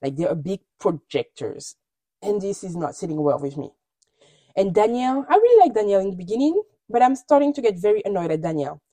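A woman's voice: medium pitch, sing-song, fast talker, dark tone, no room sound. A woman hosting a podcast, recapping reality shows in candid, gossipy, opinionated chat and often laughing. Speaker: podcast host.

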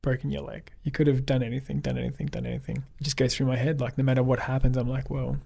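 A man's voice: medium pitch, flat delivery, fast talker, creaky, dark tone. Upbeat Australian man, chatty storyteller. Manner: upbeat storyteller, acts out quoted dialogue, laughs often. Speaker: guest. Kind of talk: casual interview chat.

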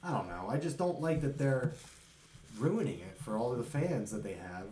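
Man, podcast co-host, casual chat, excited rambling, echoey room. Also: medium pitch, moderate pace, a little hiss or hum.

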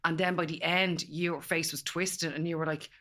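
A woman's voice: deep voice, fairly even intonation, normal speed, pushed and bright. A woman with a Dublin Irish accent, a guest on a casual podcast chat, telling stories in an emphatic, colloquial way. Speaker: guest, empowerment specialist.

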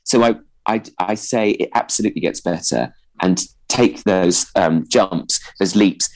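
A man's voice: low-pitched, measured pace, a little mellow. A man with a posh-sounding voice giving advice as a guest, hesitant and self-deprecating, often restarting his sentences. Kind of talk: casual interview chat.

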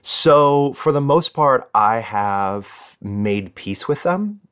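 A man in his forties, a yoga teacher, explaining things in a relaxed, self-deprecating way on a podcast. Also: mid-range voice, slow, clear, resonant tone. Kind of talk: casual podcast conversation.

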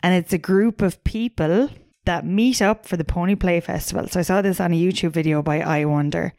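Woman, casual podcast co-host, a bit low, chatty and swears, dry recording. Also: brisk, darkish tone, dry recording. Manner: chatty, swears casually, shares researched facts. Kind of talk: casual chat.

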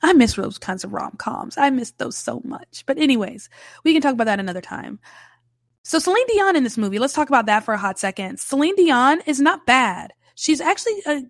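A woman's voice: sits high, big pitch swings, a little fast, no echo. A young woman from Louisiana hosting a podcast, giving a casual, chatty film review with sarcastic asides and plenty of fillers.

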